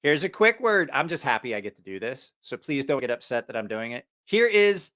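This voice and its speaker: A man's voice: medium pitch, big pitch swings, fairly quick, fairly bright tone. A man hosting a live stream, telling a rambling, profane story in a casual way and laughing at his own jokes.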